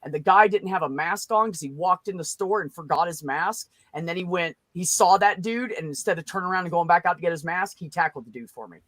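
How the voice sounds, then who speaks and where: A woman hosting a casual group chat, telling a story in an animated, profane way. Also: lowish voice, fast, hardly any pauses, no echo. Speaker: show host.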